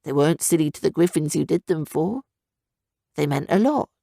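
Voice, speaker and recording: A woman's voice: deep voice, expressive, normal speed, gravelly, dark tone, no echo, clean studio sound, full character voice. Woman doing a drowsy young male griffin. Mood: earnest. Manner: drowsy, offhand and teasing.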